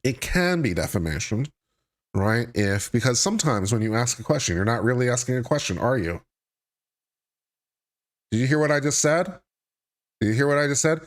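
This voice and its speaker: A legal commentary host reads court filing text on his live stream and keeps interrupting with dry sarcasm. He's very animated, speaks at normal speed in a mid-range voice, and pauses often.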